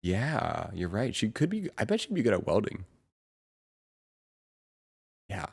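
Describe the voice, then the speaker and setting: A young man streaming from home, chatting casually in a rambling, halting way with lots of ums and laughs. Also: lowish voice, wildly swooping pitch, gravelly, a little mellow, husky. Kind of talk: casual chat reading chat.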